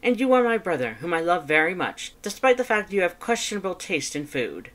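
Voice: mid-range voice, sing-song, a little fast, a bit bright, voice pushed up. A fan fiction reader voicing a boastful, self-important young man who speaks grandly and theatrically. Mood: grandiose. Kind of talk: fan fiction audiobook reading.

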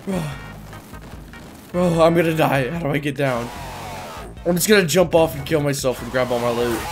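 A woman giving excitable gameplay commentary as host of a gaming video, often yelping and shouting at in-game sounds. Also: low-pitched, normal speed, music in the background. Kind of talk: excitable let's-play commentary.

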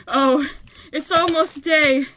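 A woman giving excitable, yelping play-by-play commentary on a survival game session, often laughing at her own bad plan. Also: sits high, takes it slowly, a little hiss or hum. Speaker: gaming video creator. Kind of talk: Minecraft let's play commentary.

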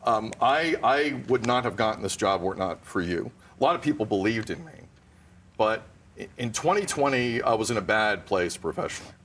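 A man's voice: fairly low pitch, expressive, brisk, a bit bright, a little hiss or hum. A man co-hosting a morning TV show, speaking earnestly and with self-deprecation to his colleague. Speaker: morning TV co-host. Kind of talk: casual studio chat.

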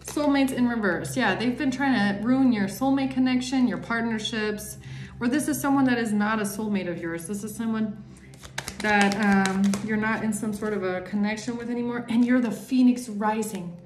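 Speaking at a moderate pace in a slightly high voice, the woman keeps her tarot reading chatty and emphatic, voicing other people's imagined thoughts. Faint music and a roomy echo surround her, with a little hiss or hum in the recording.

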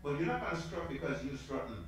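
Animated preacher in an echoey church. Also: male voice, on the high side, fast talker. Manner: lively, folksy preaching with sudden loud peaks and hushed asides. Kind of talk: sermon.

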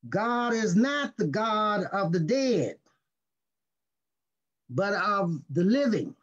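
A male pastor reading scripture and teaching in a slow, deliberate sermon, leaning on key words. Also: high-pitched, sing-song, fairly bright tone. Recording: dull lo-fi recording.

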